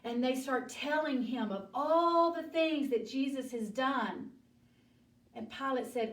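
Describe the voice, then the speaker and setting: A woman's voice: high-pitched, a little slow. A woman teaching a children's Bible lesson, telling the story dramatically and acting out the voices, recorded in an echoey room from some distance.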